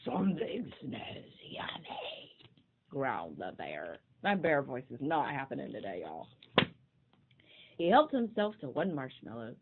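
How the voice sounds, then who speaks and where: A woman reading a children's picture book aloud in an expressive way. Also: deep voice. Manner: expressive, sweeping storybook reading. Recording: tinny phone-like sound.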